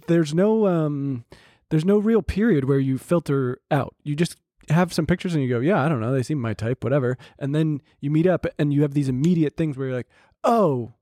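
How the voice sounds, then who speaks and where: A man's voice: a little high, warm tone, dry recording, studio quality. A man chatting casually, telling a dating story with lots of quoted dialogue and laughs. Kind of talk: casual podcast chat.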